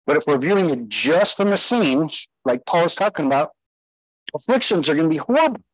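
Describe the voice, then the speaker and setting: A man's voice: on the high side, big pitch swings, brisk, dry recording, poor audio. A man preaching a sermon as pastor, emphatic, putting rhetorical questions to his listeners.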